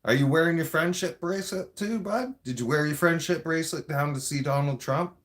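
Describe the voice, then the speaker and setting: A man's voice: fairly high pitch, a little fast, a bit bright. A Canadian man delivering an angry, profane political rant in a vlog. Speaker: vlogger.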